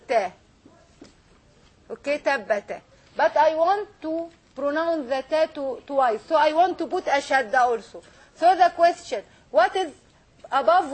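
High-voiced woman teaching letters. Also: a little hiss or hum. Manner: patient, repeats sounds slowly for students to echo. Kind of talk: online Arabic and Quran reading lesson.

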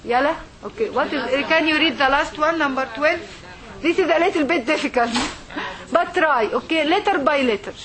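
High-voiced woman teaching letters. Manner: patient, repeats words slowly for learners. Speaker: Arabic teacher. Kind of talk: classroom teaching. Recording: noisy classroom with crowd. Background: class of women students.

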